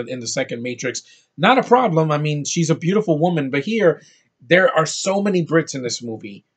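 A man ranting casually about a movie, exasperated and sarcastic, with sudden loud outbursts between grumbles. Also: fairly high pitch. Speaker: movie reviewer.

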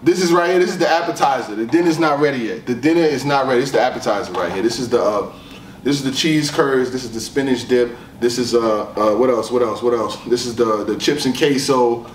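A man's voice: medium pitch, brisk. Man, casual commentary, rambling, echoey room, distant mic. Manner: laid-back, rambling, laughs often. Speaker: commentator on battle rap. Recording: roomy echo, distant mic, faint noise.

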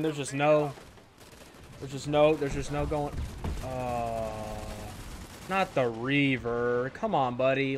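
Speaking at medium pitch into a desk microphone from a squeaky chair, this gaming channel host rambles about his own online shooter play, self-mocking and repeating himself. Faint gunfire from the game and slight background noise sit behind him.

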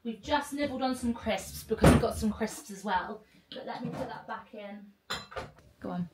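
A woman's voice: a little high, normal speed, noisy background. A bubbly woman vlogging casually from a cabin, chatting to the camera and cooing at her dog. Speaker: lifestyle vlogger. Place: cabin in the woods.

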